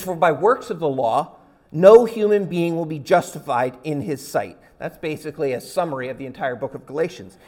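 A pastor preaching an expository sermon, explaining word meanings step by step and asking rhetorical questions. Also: male voice, fairly high pitch, darkish tone.

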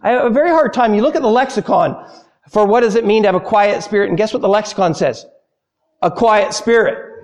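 A man preaching a sermon to women, telling stories with lively acted-out voices and slowing down softly on key phrases. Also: sits high. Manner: animated storyteller, acts out panicked voices; slows and softens on key phrases.

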